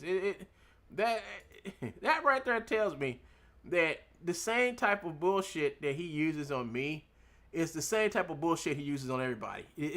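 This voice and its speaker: A young man ranting casually from home as a streamer, mocking someone, laughing often and swearing a lot. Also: high voice. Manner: mimics others in a loud put-on voice. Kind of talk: casual rant.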